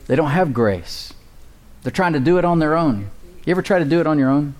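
A man's voice: fairly high pitch, animated, brisk. Male pastor, sermon delivery, call-and-response, chuckling.

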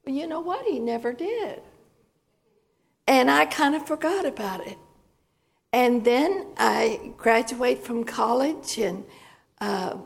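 A woman telling a personal testimony in church, hoarse and clearing her throat often, in a slow, folksy storytelling manner. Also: fairly high pitch. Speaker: church speaker giving testimony.

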